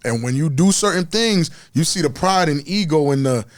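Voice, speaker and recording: A man with a high, very lively voice, chatting casually on a podcast. He jokes around and acts out little quotes as he talks. The sound is dry and close. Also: moderate pace, no room sound. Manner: animated, joking, acts out quotes. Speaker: podcast co-host. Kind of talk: casual chat.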